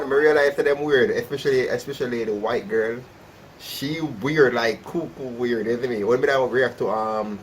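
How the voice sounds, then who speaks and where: A man with a Jamaican accent giving chatty, animated reaction commentary, often asking "you see me?". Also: mid-range voice, a little hiss or hum. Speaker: reaction video host.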